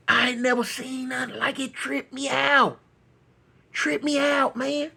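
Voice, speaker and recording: A man spins a casual story with lots of fillers and restarts. His voice sits high and sounds bright and sharp, and he gets lively as he goes. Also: a little slow, creaky. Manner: animated, rambling with many fillers and repeats.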